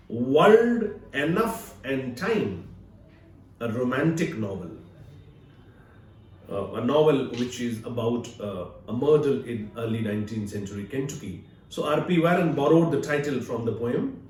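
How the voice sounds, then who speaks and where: A male literature professor with an Indian English accent giving a recorded video lecture, measured and explanatory with frequent "uh" fillers. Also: medium pitch, a little mellow, distant mic. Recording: echoey room, speaker away from mic.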